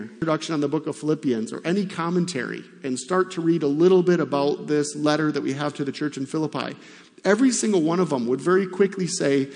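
A man's voice: on the high side, a little mellow. A middle-aged man, a missionary pastor, preaching a sermon in an earnest, conversational way with fillers. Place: church sanctuary. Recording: long church reverb.

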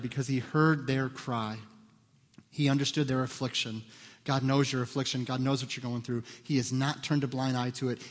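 A male pastor preaching a sermon, then leading a closing prayer, his earnest delivery swelling loud and falling soft. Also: mid-range voice, in a large hall. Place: church sanctuary.

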